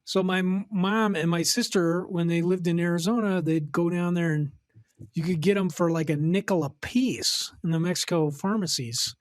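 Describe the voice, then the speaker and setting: Middle-aged man, podcast co-host, slightly high voice, dry close sound, teasing banter. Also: normal speed, no echo. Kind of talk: casual chat.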